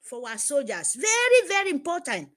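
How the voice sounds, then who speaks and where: A woman's voice: sits high, wildly swooping pitch, normal speed, fairly bright tone. A woman with a Nigerian accent, giving an impassioned, repetitive address to her supporters. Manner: fervent, emphatic, repetitive. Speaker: activist speaker.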